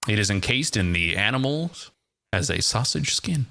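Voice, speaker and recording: A man's voice: fairly low pitch, animated, moderate pace, gravelly, sharp tone. A man hosting a casual podcast quiz, reading out facts in a dry, teasing way. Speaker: podcast host running a quiz. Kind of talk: casual chat.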